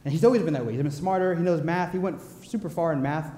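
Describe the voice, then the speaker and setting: A young man with a slightly high voice delivers a sermon in a church sanctuary. He tells stories in a playful, animated way with quick asides to the congregation. The big room carries a long, echoing reverb. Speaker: preacher. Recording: echoey church hall.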